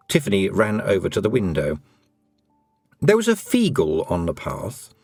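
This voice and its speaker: A man narrating an audiobook in an expressive storytelling manner. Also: deep voice, normal speed, gravelly, breathy edge, dry recording, faint music behind.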